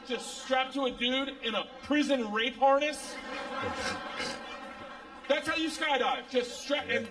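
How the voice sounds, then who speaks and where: A man's voice: very high-pitched, slow pace, sharp tone, far from the mic, poor audio. A man in his forties doing brash, profane stand-up storytelling on stage. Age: 40s. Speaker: stand-up comedian.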